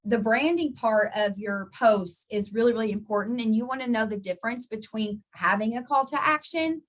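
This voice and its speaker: A woman's voice: a little high, normal speed. Chatty woman coaching her team live. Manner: chatty, repeats words and restarts often; encouraging, answers viewers by name. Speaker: network marketing team trainer. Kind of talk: casual live training talk.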